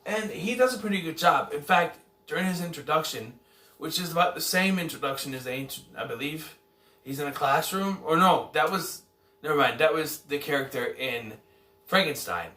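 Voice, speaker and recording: A man's voice: fairly high pitch, expressive, moderate pace, sharp tone. A man giving a casual, rambling movie review, often correcting himself and unsure of details. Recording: echoey room, somewhat far from mic.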